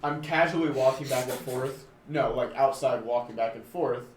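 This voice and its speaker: Rules-explaining player, distant and roomy. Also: male voice, mid-range voice, moderate pace, slight background noise. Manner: explains patiently, filler-heavy. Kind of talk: casual tabletop play, explaining rules. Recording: echoey room, distant mic.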